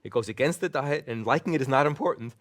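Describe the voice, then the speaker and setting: A man's voice: mid-range voice, fast. A middle-aged man, a psychotherapist, telling a story in conversation and acting out the dialogue with frequent laughter. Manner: animated, acts out dialogue and laughs often. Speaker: psychotherapist guest.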